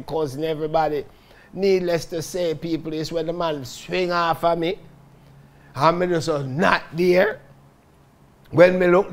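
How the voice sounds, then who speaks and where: Jamaican guy, pretty high voice, telling his life stories all dramatic, keeps going "people". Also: gravelly. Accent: Jamaican Patois. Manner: lively, dramatic, addresses listeners as "people". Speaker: storyteller recounting his life. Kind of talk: casual spoken autobiography.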